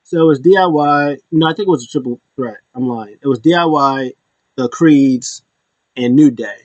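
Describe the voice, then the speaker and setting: A man's voice: mid-range voice, normal speed, no echo, highs cut off. Casual rambling man, dry sound. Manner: rambling, with restarts and chuckles. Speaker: wrestling show commentator. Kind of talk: casual recap chat.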